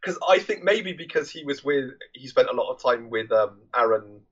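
A man with a husky, slightly breathy voice rambles through a casual film chat, often stopping to search for names and dropping casual swears. His audio sounds dull and muffled, as if it came over a lo-fi remote link. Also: medium pitch, animated, moderate pace, a bit bright. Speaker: podcast co-host. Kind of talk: casual movie review chat.

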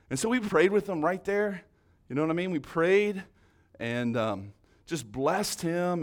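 Man, pastor, slightly high voice, chatty storytelling sermon. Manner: storytelling, conversational, with frequent restarts.

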